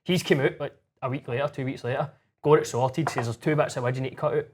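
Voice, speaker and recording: Scottish man, co-host, rapid storyteller, sweary, relaxed whisky-lounge banter. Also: medium pitch. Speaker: podcast co-host. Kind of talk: casual chat over whisky.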